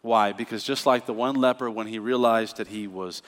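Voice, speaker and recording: A pastor preaching a sermon in a conversational style that climbs into emphatic, rising bursts. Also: male voice, fairly low pitch, steady tone, normal speed, in a large hall.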